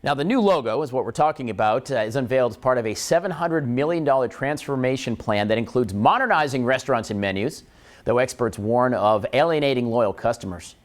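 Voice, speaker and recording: Animated punning morning show host, a man. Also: mid-range voice, fairly quick. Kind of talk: jokey morning show chat.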